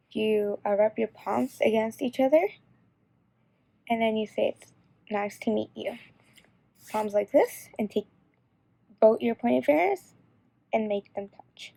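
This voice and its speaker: Teen girl, casual tutorial, unhurried, slightly high voice. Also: vocal fry, mellow, dry recording. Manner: halting, slow explanation. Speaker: sign language instructor.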